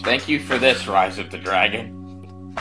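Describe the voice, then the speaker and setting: A man's voice: lowish voice, measured pace. A man giving sarcastic, joking commentary over an old game. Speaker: let's play commentator. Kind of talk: comedic riffing commentary. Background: game music.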